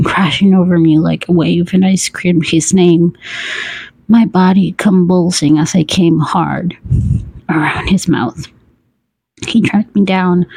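A woman reading a story aloud in a breathy whispered role-play, laughing softly now and then. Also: lowish voice, dry recording, rough recording. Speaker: story reader.

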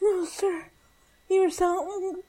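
High soft elf girl played by a woman, needy and breathy, slow and drawn out. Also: flat delivery, rough recording. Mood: eager.

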